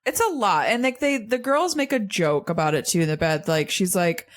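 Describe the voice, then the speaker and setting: A woman's voice: lowish voice, lively intonation, fairly quick, few pauses. A woman co-hosting a podcast in casual chat, giggling and acting out her reactions. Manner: giggly, acts out reactions in quotes. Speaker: podcast co-host. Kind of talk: casual film recap chat.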